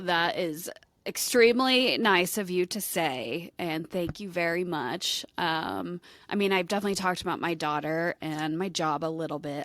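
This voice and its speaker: Woman co-host, relaxed and agreeable, lower voice, dry close sound. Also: no echo. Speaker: podcast co-host. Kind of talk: casual chat.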